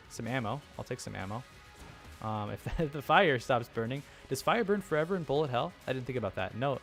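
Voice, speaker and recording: A young man casually commenting on his own gameplay, rambling and self-deprecating, with chuckling asides. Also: mid-range voice. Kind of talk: casual let's-play commentary.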